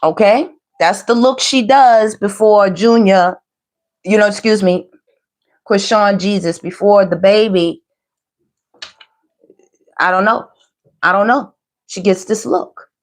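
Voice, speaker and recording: A woman hosts a commentary video on tarot and celebrities, speaking over played clips. Her voice is mid-range and slow, with frequent pauses, and she drives her points home by repeating phrases.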